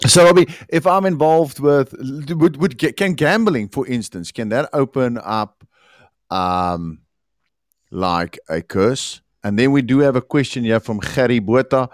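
A man's voice: mid-range voice, measured pace, no room sound, studio quality. A male podcast host who gives short agreeing replies and reads out listener questions. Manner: brief encouraging backchannels, reads listener questions.

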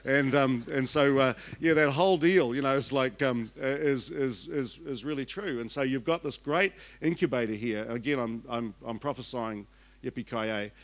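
Chatty older Kiwi pastor, joking. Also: male voice, medium pitch, normal speed. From New Zealand. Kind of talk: sermon.

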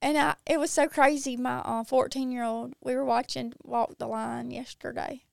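Southern guest: woman, Mississippi accent, fry in the voice, smooth and dry, animated storyteller. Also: high-pitched, moderate pace, no echo. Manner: animated, laughs often. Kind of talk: casual chat.

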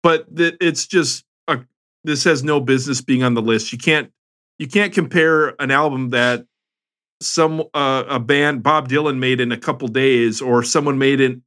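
A man co-hosts a joking podcast and breaks into mock-outraged rants. His voice sits at an ordinary middle pitch, and his speech is plain and conversational. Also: moderate pace, a bit bright. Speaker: podcast co-host. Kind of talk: casual comedic podcast chat.

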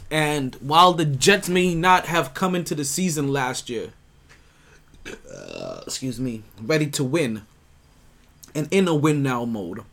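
A man hosting a sports podcast, talking casually and rambling with restarts, bursts of emphasis and laughs. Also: fairly high pitch. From United States. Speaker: podcast host.

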